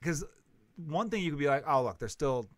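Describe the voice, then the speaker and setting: A man's voice: a little high, animated, normal speed, no echo. A man hosting a comedy podcast, talking bluntly and with plenty of swearing in casual chat. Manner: blunt, profane, opinionated.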